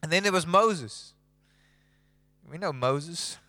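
High, bright-voiced preacher. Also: male voice, normal speed, clear, resonant tone, no room sound. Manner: emphatic, builds through lists, chuckles often. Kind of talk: sermon.

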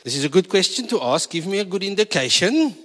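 A South African pastor preaches to his congregation with a slightly high voice, teasing them and mixing in Afrikaans asides. His voice carries a long echo around the church hall. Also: very animated, fast. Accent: South African English. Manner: jokey, switching between English and Afrikaans. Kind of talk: sermon.

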